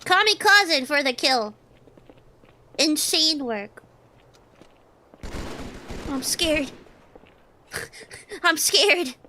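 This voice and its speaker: A woman's voice: high-pitched, very slow, long pauses, slight background noise. A woman streaming a shooter game, chatting casually, swearing and yelping at the action. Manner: excitable, swears and yelps at the game.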